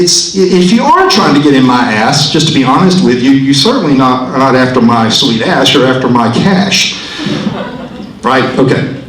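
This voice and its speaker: A man's voice: medium pitch, slight background noise. A man in his sixties doing a stand-up comedy set in a club, rambling, profane and self-mocking, working the crowd. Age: 60s. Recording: echoey club room.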